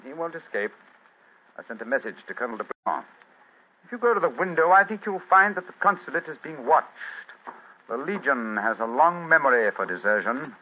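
An actor playing a cool, precise master detective, quietly superior, in 1940s radio acting style. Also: male voice, mid-range voice, big pitch swings, brisk, husky. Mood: calm assured. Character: sharp, cool-headed male master detective. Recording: dull lo-fi 1940s radio recording.

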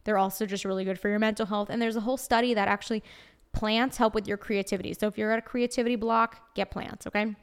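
A young woman hosting her own podcast in a put-on Brooklyn accent, talking straight to her listeners. She is brash and emphatic, and she swears in nearly every sentence. Her voice is smooth and resonant, with a mid-range pitch. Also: steady tone, fast talker. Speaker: podcast host. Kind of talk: casual solo podcast monologue.

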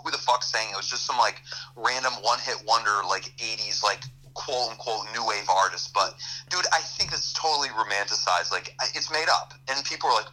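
A man's voice: fairly low pitch, brisk, sharp tone, poor audio. A man co-hosting a podcast in casual chat, swearing and saying dude often. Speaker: podcast co-host.

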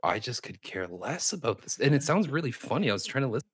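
A man co-hosting a podcast in casual chat, rambling and self-mocking, with halting restarts. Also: mid-range voice, big pitch swings, breathy edge, no room sound. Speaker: podcast co-host.

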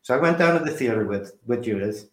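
Male guest, from New Jersey, lively storyteller, mid pitch, roomy echoey sound. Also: quick pace. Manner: animated storyteller who acts out quoted voices. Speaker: author and film director, guest. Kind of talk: storytelling interview.

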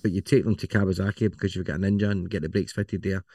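A man's voice: deep voice, fairly even intonation, fast talker, dark tone, no echo, studio quality. A man co-hosting a podcast, easygoing and agreeable in casual chat. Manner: easygoing, agreeable, many short backchannels. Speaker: podcast co-host.

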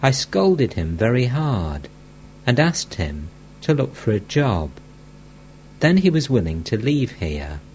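A man's voice: medium pitch, sing-song, takes it slowly, a little mellow, a little hiss or hum. A man reading the part of an elderly mystic teacher who scolds bluntly and speaks with affection.

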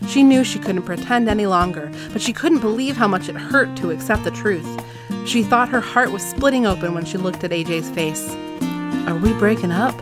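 A woman's voice: medium pitch, fairly quick, loud music behind the voice. A woman hosting a casual podcast, chatting about a book series, laughing often and acting out scenes as she retells them. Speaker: podcast host recapping books.

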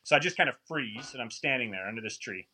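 Male guest storyteller, middle pitch, bright tone, animated and self-deprecating. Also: quick pace, husky. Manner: animated, rambling, self-mocking. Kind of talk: casual storytelling.

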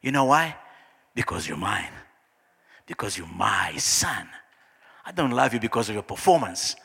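A man voicing God the Father as a tender, loving parent, speaking low and slowly in a sermon. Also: lively intonation, creaky, sharp tone, big-room sound, exaggerated voice.

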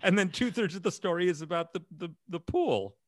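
A man's voice: high voice, expressive, brisk, no echo, clean studio sound. A man co-hosting a casual chat show, telling a story and laughing often. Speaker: podcast co-host.

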